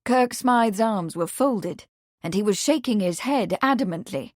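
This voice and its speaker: A woman's voice: medium pitch, no echo, clean studio sound. Woman narrating a mystery audiobook. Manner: even, measured reading. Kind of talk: scripted narration.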